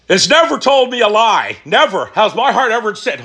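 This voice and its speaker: A middle-aged man telling his recovery story, emphatic and animated, asking questions and answering them himself. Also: high voice, moderate pace. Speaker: recovery speaker. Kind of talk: personal testimony talk.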